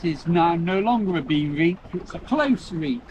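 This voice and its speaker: Man giving relaxed sailing instructions outdoors. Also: fairly high pitch, moderate pace, muffled recording. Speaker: sailing host and skipper. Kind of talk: casual on-board instructions. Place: small open sailing dinghy outdoors. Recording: outdoor wind and water noise.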